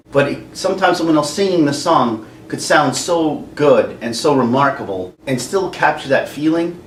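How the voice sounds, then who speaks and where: A man ranting about films as a vlogger, animated and rambling, often repeating his words. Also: a little high, slight background noise. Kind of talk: opinion rant. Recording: roomy echo, mic far off.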